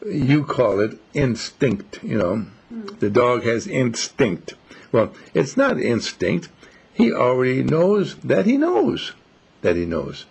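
A man giving a slow, musing, reflective monologue, telling stories as he goes. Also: medium pitch, big pitch swings, creaky, a little mellow, slightly rough. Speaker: speaker.

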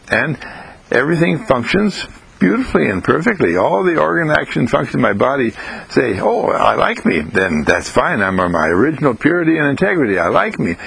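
A man delivers an inspirational self-help monologue in a gentle, sing-song way, repeating phrases as his pitch rises. His voice is gravelly and slightly rough, and the audio quality is poor.

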